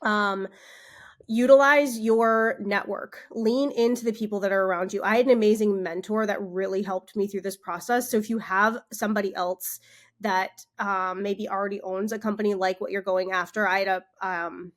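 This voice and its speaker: A woman's voice: medium pitch, steady tone, moderate pace. A woman, a magazine owner, talking as a guest in a casual interview, chatty and upbeat, laughing easily.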